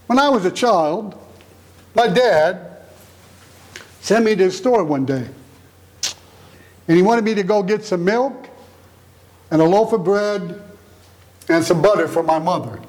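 A man's voice: sits high, measured pace, long pauses, darkish tone. A middle-aged man preaching a sermon, emphatic and fond of repeated rhetorical questions.

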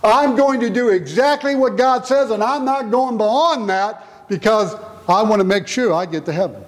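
High-voiced preacher man, emphatic. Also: moderate pace. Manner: emphatic, repeats rhetorical questions. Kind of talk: sermon.

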